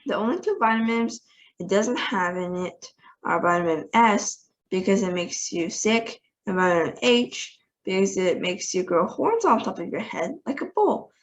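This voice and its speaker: A woman narrates a children's novel aloud in an expressive, lively way. Her voice sits at a medium pitch. She reads like a storybook host. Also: moderate pace, rough recording. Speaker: storybook reader.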